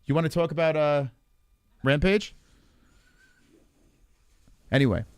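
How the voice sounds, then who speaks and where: A man hosting a livestream, loud and profane, reacting to a clip and talking to his chat. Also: a little high, unhurried, clean tone, no echo. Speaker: livestream host. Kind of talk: casual livestream commentary.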